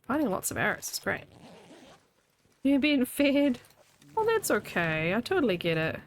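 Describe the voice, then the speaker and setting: A woman's voice: medium pitch, huge pitch swings, quick pace, slight background noise. Chatty Kiwi woman streamer. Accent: New Zealand with a slight Scottish tinge. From New Zealand. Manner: chatty, laughs often, reads chat aloud. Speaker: game streamer. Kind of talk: casual gaming commentary. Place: home room.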